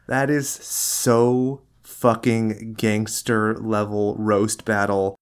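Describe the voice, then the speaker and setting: A fairly low-voiced man talks through a film in casual podcast chat. He is sarcastic and jokey and keeps slipping into quick voices for the characters. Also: little pitch movement, clean tone. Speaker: podcast co-host.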